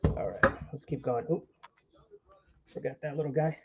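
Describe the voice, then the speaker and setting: A man's voice: mid-range voice, fairly even intonation, moderate pace, gravelly, lo-fi sound, background noise. A young man hosting a live cooking stream in his kitchen, chatting and joking with viewers as he works. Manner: chatty, jokey, talks to viewers while cooking. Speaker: cooking channel host. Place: home kitchen.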